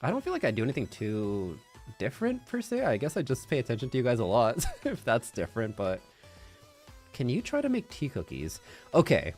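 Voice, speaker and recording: A man's voice: mid-range voice, big pitch swings, fast talker, a little mellow, soft background music. A man streaming, rambling in casual chat on a binaural microphone, thinking aloud with hums and little laughs.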